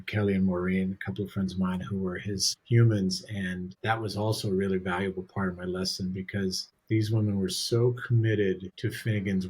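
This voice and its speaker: A man's voice: sits low, a little mellow, breathy edge. A middle-aged man, a dog trainer and podcast guest, talking in an earnest, reflective and candid way in casual conversation.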